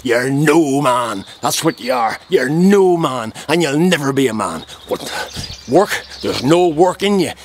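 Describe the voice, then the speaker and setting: A man voicing a furious ranting man who hectors and insults, shouting outdoors in a garden. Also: mid-range voice, expressive, moderate pace, slight background noise, natural voice. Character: furious ranting man scolding a lazy whinger.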